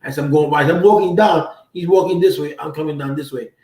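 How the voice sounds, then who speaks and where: A man's voice: fairly high pitch, fast talker, warm tone, far from the mic. A man hosting a casual livestream, telling stories in loose, profane street slang from a room at home. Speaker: livestream host. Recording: roomy echo.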